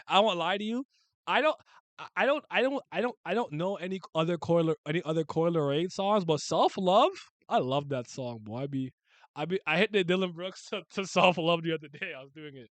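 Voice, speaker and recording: A man chatting casually on a stream, rambling in slangy talk with quick asides and chuckles. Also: on the high side, no room sound.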